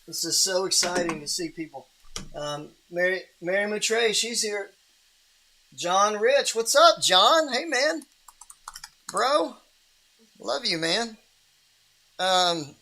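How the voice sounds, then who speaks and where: Guy hosting a bible reading stream, bright voice, a bit high, rambly and friendly, lots of ums. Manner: rambling, friendly, many restarts and fillers. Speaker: host of a livestream Bible reading. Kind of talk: casual livestream hosting and Bible overview.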